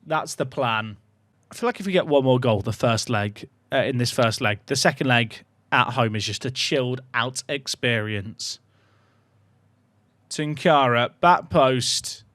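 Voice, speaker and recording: A young man commentating his own football management game at home, chatty and excitable, shouting when goals go in. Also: medium pitch, unhurried, no echo. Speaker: gaming YouTuber. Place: home room.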